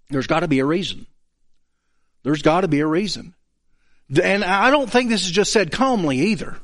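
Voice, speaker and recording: Animated preacher man with a high voice. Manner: animated, acts out the quoted speakers. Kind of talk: sermon.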